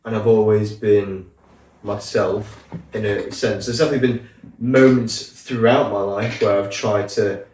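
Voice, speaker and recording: A man's voice: fairly low pitch, steady tone, a little slow, a little mellow. A man from the Isle of Man hosting a podcast, talking in an easygoing, agreeable way with lots of fillers. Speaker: podcast host. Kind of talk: casual chat. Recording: echoey room, distant mic, faint noise.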